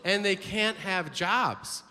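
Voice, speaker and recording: A man's voice: high voice, slow, pushed and bright. A man doing a crude, mock-indignant stand-up comedy set. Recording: live stand-up in a big hall with noise.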